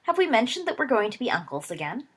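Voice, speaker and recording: A woman's voice: low voice, lively intonation, fairly quick, vocal fry, husky, heavily acted. A woman doing a jokey, cheerful teen twin. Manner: bright, jokey. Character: cheerful, joking teenage twin boy.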